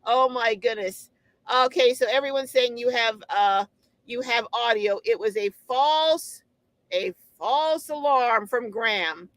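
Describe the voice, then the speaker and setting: A woman's voice: a little high, unhurried, dry recording, low-quality recording. Chatty woman hosting a live stream. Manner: chatty, warm exclamations, frequent ums and restarts. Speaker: livestream host reading viewer comments. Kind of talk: casual live chat.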